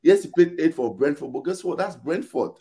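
Man, podcast panelist, animated exasperated rant, casual football chat. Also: on the high side, a little fast. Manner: animated, exasperated ranting with quoted back-and-forth.

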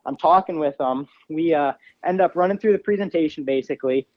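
A young man, a guest on a podcast, telling a story in a casual, animated way and putting on a higher voice when he quotes other people. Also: brisk, no room sound, dull audio. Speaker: guest, ATV racer.

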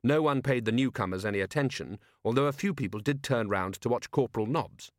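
Male audiobook narrator, measured and even, dry studio. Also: mid-range voice, no room sound.

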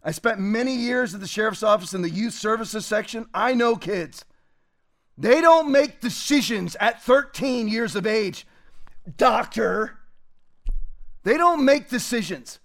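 A man, a pastor, delivering a combative sermon-style commentary and shouting at times. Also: sits high, lively intonation, a little slow.

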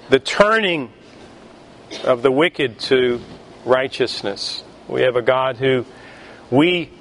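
A male pastor preaching a sermon, emphatic and deliberate, with pauses between phrases. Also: mid-range voice, fairly bright tone, a little hiss or hum.

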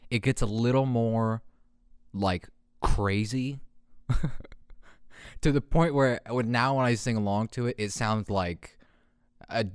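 A young man hosts his own podcast in a casual solo rant, rambling, swearing, and laughing at his own jokes. His voice sits fairly low and sounds smooth, recorded cleanly in a studio with no echo.

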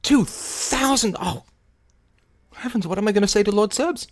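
A man voicing an agitated young gentleman who talks in an anguished, stammering, reproachful way. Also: sits high, normal speed, dry recording, studio quality, voice pushed up, lightly acted.

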